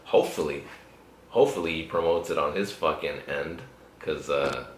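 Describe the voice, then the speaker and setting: A man's voice: extremely low pitch, moderate pace, slight background noise. A young man hosting a podcast, talking loosely with lots of swearing and laughter. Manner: laid-back, profane, frequently laughing. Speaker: podcast host. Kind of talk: casual chat. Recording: echoey room.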